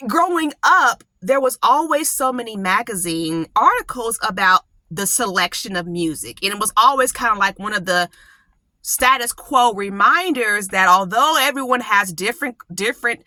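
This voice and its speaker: A woman hosting her own channel, talking casually and animatedly, often breaking into high laughing exclamations. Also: animated, normal speed, pushed and bright, dry recording. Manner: dialect touches in her speech. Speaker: coach and channel host. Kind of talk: casual monologue.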